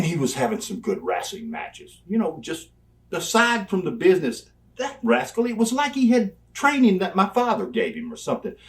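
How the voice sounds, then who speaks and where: Older guy, kinda high voice, swinging all over, folksy storyteller laughing a lot. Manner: animated, folksy, laughs through stories. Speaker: interview guest. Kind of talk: storytelling in a sit-down interview.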